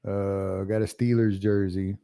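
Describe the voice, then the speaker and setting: A man's voice: low voice, flat delivery, moderate pace, dark tone, clear, resonant tone, dry recording, clean studio sound. A man co-hosting a sports podcast, chatting casually and joking. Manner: joking, laughs often. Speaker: podcast co-host. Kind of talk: casual chat.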